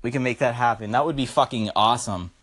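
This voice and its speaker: A man's voice: medium pitch, quick pace, a bit bright. A stoned young man hosting a podcast, telling a rambling, profane comic story into his phone. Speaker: podcast host.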